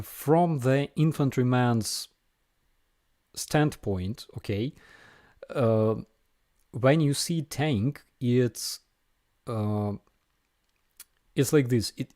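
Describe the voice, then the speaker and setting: Ukrainian guy doing a live q&a, real slow and lots of ums, dry close sound. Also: mid-range voice, a little mellow, dry recording. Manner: unhurried, frequent ums and uhs, dryly joking. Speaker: livestream host answering viewer questions. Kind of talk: casual live Q&A.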